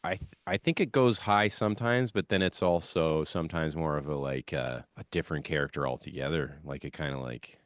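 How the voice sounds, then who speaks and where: Very deep-voiced man chatting as a guest. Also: fairly quick, few pauses, dry recording, clean studio sound. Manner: rambling, storytelling, self-conscious. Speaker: podcast guest, band musician. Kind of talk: casual interview chat.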